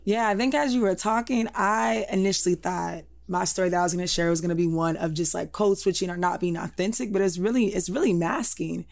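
A young woman co-hosting a podcast, chatting casually and telling a lively story with an animated, candid delivery. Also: brisk, creaky, few pauses. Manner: animated storyteller, laughs, switches into a put-on high voice. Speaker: podcast co-host.

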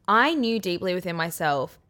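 Candid animated young woman podcaster. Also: on the low side, moderate pace. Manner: candid, animated, self-mocking. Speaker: podcast co-host. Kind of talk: casual podcast chat.

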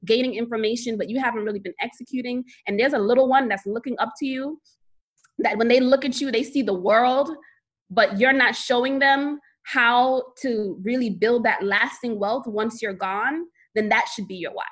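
A woman's voice: fairly high pitch, moderate pace. A woman guesting on a podcast as a financial coach, telling stories animatedly and repeating words for emphasis. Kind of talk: casual podcast interview.

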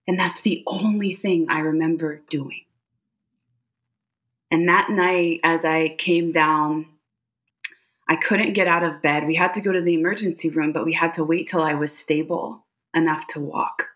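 A woman guest on a podcast, recounting a personal experience in an expressive, animated way, often adding "like" and "right?". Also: low voice, unhurried. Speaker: podcast guest, psychic medium. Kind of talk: personal storytelling in conversation.

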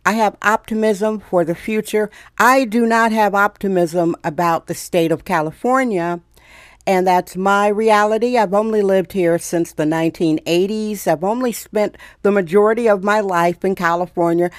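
A woman's voice: mid-range voice, moderate pace, no echo, clean studio sound. A middle-aged woman hosting a daily solo podcast, ranting sarcastically. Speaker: podcast host.

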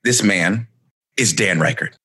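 Podcast co-host, male, low and husky, playful teasing banter. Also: unhurried, bright, forceful tone. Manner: joking, teasing, announcer-like asides.

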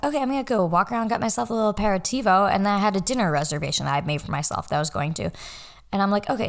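A young woman talks casually on her own podcast. She rambles and gets sidetracked, using a lot of fillers. Her voice sits at a middling pitch. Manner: chatty, rambling, easily sidetracked, many fillers. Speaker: podcast host. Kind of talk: casual solo chat.

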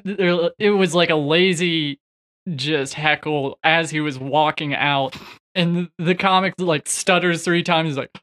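A podcast co-host in casual chat, laughing often and telling quick anecdotes. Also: mid-range voice, fairly bright tone.

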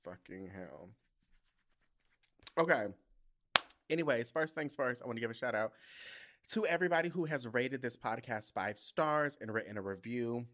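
A young man hosting his own podcast in a casual, camp, expressive way, swearing freely and laughing at himself. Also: medium pitch, moderate pace. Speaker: podcast host. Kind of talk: casual solo podcast chat.

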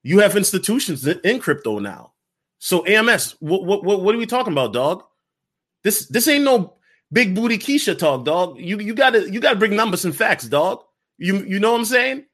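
Reaction-channel host, man, animated slang talker, somewhat high voice. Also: fairly quick. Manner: animated, slangy, repeats himself, calls others dog. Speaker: crypto YouTuber reacting to a video. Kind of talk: casual reaction commentary.

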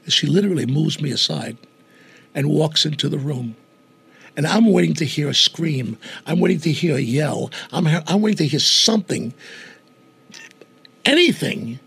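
A gravelly older man tells a story in an animated way, taking on the voices of the people in it. His voice is strongly raspy and pitched a little high for a man. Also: normal speed, pauses often. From New York. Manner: animated storyteller who acts out quoted voices. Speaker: guest entertainer. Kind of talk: storytelling in conversation.

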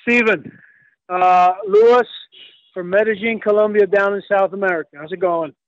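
A man in his fifties calling in to a sports show, chatty and friendly, giving shout-outs. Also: high voice, animated, moderate pace, no echo. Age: 50s. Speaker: caller. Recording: dull phone line.

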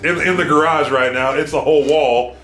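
A man co-hosting a casual podcast, loud and joking, swearing freely as he banters. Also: on the high side, fairly quick, echoey room, soft background music. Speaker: podcast co-host. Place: home garage.

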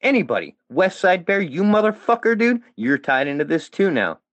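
A man's voice: sits high, very animated, moderate pace, no room sound. A man on a heated, profane, defiant rant as a podcast guest. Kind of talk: angry rant.

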